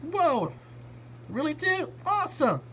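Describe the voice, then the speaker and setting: A woman voicing a laid-back, surfer-dude male living block with relaxed slang. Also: high-pitched, slow pace, a little hiss or hum, pitched above the performer's own voice, heavily acted.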